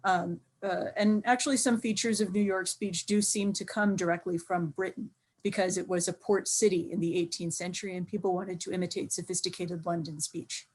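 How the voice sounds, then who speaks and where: Lower-pitched woman linguist on a panel, explaining carefully and hesitantly. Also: fairly even intonation, darkish tone, husky. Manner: measured, explanatory, many fillers. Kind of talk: panel discussion.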